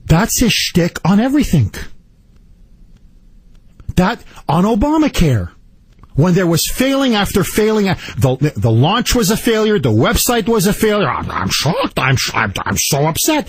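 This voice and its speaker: A man's voice: sits high, very animated, unhurried, husky, no echo. A man hosting a talk radio show, ranting in a combative, sarcastic way into a studio microphone. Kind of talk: political talk radio monologue.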